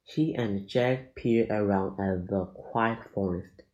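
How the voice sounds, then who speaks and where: A man slowly reading a children's chapter book aloud, deliberate and stumbling now and then, on a dull lo-fi recording. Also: lowish voice, darkish tone. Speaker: narrator.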